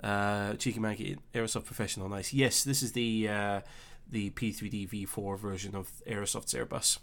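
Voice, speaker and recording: A young man with a Scottish accent hosting a casual live stream, chatting easily and reading out viewer comments with relaxed filler pauses. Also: on the low side, gravelly. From Scotland. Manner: chatty and easygoing, thinking aloud with filler pauses.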